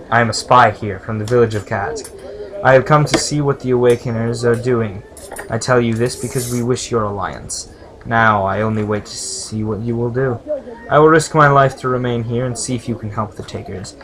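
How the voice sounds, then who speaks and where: A man's voice: medium pitch, noisy background, close to an everyday voice. A man voicing a secretive, earnest male servile spy from a fantasy game, speaking solemnly.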